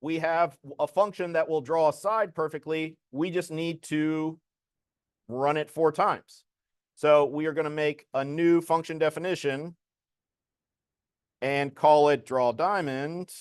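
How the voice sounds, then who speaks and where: A man's voice: on the high side, clean tone, dry recording, studio quality. Casual man teaching a programming class. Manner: casual, talks while demonstrating code.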